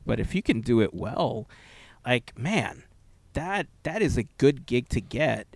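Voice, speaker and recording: A man's voice: medium pitch, a little mellow, no room sound. A man co-hosting a podcast in casual chat, rambling and restarting his sentences and laughing easily. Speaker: podcast co-host.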